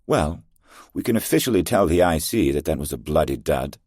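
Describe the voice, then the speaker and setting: A man's voice: rumbling low, expressive, fairly quick, darkish tone, no room sound. A man voicing a female soldier who speaks in a clipped British accent with dry sarcasm. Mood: sardonic.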